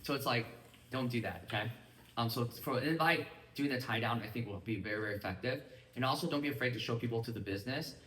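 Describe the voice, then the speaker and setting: A man in his thirties leading a casual training talk for a small group, quick and chatty, often acting out bits of dialogue. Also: mid-range voice, a bit bright, slight background noise. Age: 30s. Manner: fast, casual, acts out quoted dialogue. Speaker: sales team leader. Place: room with a small audience. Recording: echoey room.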